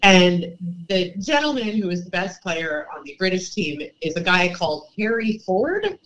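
A woman's voice: lowish voice, very animated, moderate pace, fairly bright tone, poor audio. A middle-aged woman co-hosting a sports podcast, chatting casually in a giggly, rambling, jokey way. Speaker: podcast co-host.

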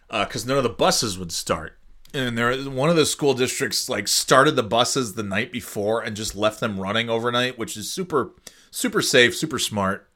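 This solo podcast host, a man in his forties with a medium-pitched, sharp voice, rambles casually, throws in sarcasm, and breaks into silly voices.

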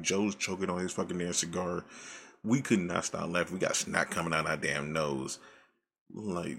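A man telling a casual, profane story from his old job, animated and laid back, full of slang. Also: low-pitched, gravelly. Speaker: storyteller recounting past work.

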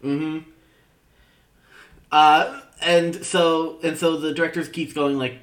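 A man's voice: on the high side, little pitch movement, slow pace, long pauses, echoey room, a little hiss or hum. A man co-hosting a podcast, chatting casually and laughing often between hesitant restarts. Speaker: podcast co-host reviewing sketch comedy. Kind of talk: casual chat.

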